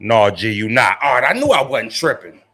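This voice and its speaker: A man's voice: medium pitch, big pitch swings, brisk, pushed and bright, slightly rough. A young man live-streaming, chatting casually with his viewers in slangy, profane talk and laughing often.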